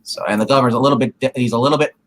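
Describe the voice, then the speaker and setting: A man co-hosts a comic review in loose, casual talk. His voice has a middle pitch, and he leans on "you know" and "like" as he goes. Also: steady tone, very fast. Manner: filler-heavy, chatty. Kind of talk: casual chat.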